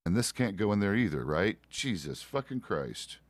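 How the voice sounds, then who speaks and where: Middle-aged male streamer, low voice with lively pitch swings, profane and cranky, casual gaming chat. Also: normal speed, no room sound. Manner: grumpy, profane, complaining. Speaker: game streamer.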